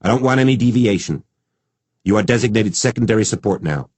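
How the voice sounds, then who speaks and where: A man's voice: lowish voice, animated, fairly quick, a little mellow, breathy edge, dry recording, voice pushed up. A man voicing a stern woman commander who speaks in a clipped, commanding way.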